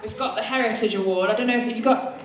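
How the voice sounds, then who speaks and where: A woman's voice: a little high, quick pace, slight background noise. A woman presenting an award on stage, flustered and laughing after being put on the spot. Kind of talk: off-the-cuff stage chat. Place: large event hall, on stage. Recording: very echoey hall, distant mic, crowd.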